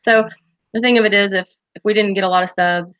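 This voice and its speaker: A woman's voice: medium pitch, steady tone, fast, fairly bright tone, no room sound, highs cut off. A woman hosting a casual livestream chat, reading viewer comments aloud and rambling with lots of fillers and restarts. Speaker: host of a pipe-smoking chat stream.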